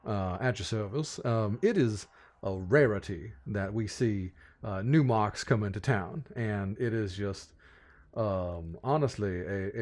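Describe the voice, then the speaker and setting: A man voicing an older, bald, showy male city lord in a tabletop game, with a loud, grandly polite, folksy put-on Southern drawl. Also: fairly low pitch. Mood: jovial.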